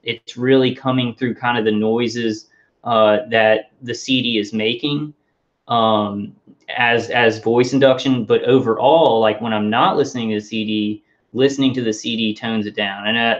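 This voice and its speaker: A man speaks straight to his viewers in a loose, rambling monologue. He often stalls, repeats words and reaches for fillers before going on. His voice sits in an ordinary middle pitch, and the audio is muffled and lo-fi. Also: steady tone. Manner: rambling, halting, many restarts and fillers. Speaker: vlogger.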